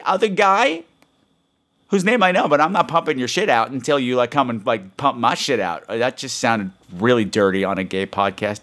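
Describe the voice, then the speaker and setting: A man's voice: medium pitch, fairly bright tone. Rambling, self-mocking man on a podcast. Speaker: podcast host. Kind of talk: casual podcast monologue.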